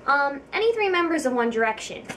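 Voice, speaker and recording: Giggly young woman vlogger, slightly high. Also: big pitch swings, a little fast, fairly bright tone, far from the mic, slight background noise, rough recording. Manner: chatty, giggly and self-deprecating, with frequent ums. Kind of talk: casual chat to camera.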